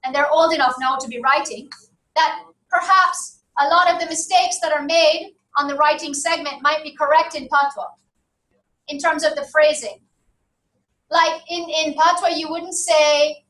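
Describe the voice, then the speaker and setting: A high-voiced woman teaches a class in a conversational way, often turning to the room with a quick question. She is recorded from some distance in an echoey classroom. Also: steady tone, fairly bright tone. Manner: conversational, asks the class for agreement. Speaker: lecturer. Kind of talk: university lecture.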